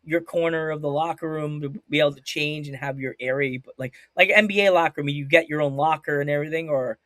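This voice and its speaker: New man, podcast host, lively chatty delivery, dry close sound. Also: a little high, fast, no echo. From New York, Puerto Rican family. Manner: animated, laughs often, puts on voices. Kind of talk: casual chat.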